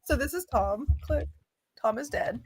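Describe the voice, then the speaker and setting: A woman's voice: high-pitched, expressive, unhurried, slightly rough, no echo. A woman co-hosting a casual wrestling podcast over a video call, teasing and giggly. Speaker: podcast co-host. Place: home, streaming live.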